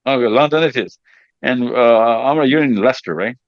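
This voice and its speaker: A man chats casually with a group of teenagers, teasing them and then reassuring them with repeated phrases. His voice sits at a middle pitch. The sound is dry and a little dull, as if it comes over a video call. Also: fairly quick, no echo. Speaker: mentor hosting a session with teenagers.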